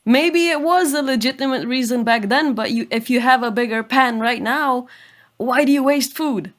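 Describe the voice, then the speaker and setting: A woman's voice: sits high, moderate pace. A woman co-authoring a book, chatting in a podcast discussion as a storyteller who laughs easily.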